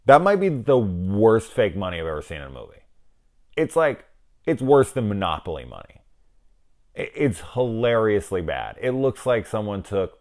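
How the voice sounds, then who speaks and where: A man's voice: on the low side, big pitch swings, normal speed, darkish tone. A middle-aged man giving a rambling, wry, casual film review, swearing now and then.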